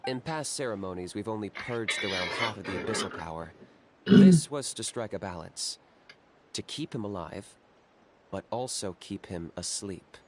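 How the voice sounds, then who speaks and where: An actor playing a solemn male clan elder in a game, explaining things in a measured, grave way. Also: on the low side, lively intonation, crowd noise, natural voice.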